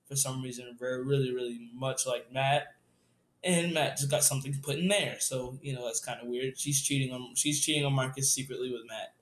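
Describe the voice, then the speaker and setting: Guy rambling thru a made-up zombie story, kinda high voice, laughing a lot, echoey room. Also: slight background noise. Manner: rambling, laughing, filler-heavy. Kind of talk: improvised collaborative story.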